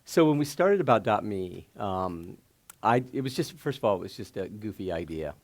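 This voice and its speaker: A man telling stories onstage as a guest at a live event, animated and laughing often, with lots of fillers and restarts. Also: lowish voice, normal speed. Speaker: startup founder and guest. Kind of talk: casual onstage storytelling. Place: stage before a live audience.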